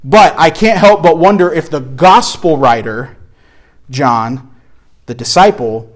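Man teaching a Bible lesson, slightly high voice. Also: animated, takes it slowly. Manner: conversational, emphatic, often restarts phrases.

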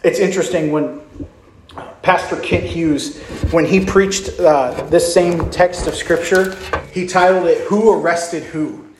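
A young male pastor delivers a sermon in a slightly high voice, talking conversationally and asking the congregation questions. The sound carries in a roomy, echoey church hall. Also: fairly even intonation, unhurried, noisy background.

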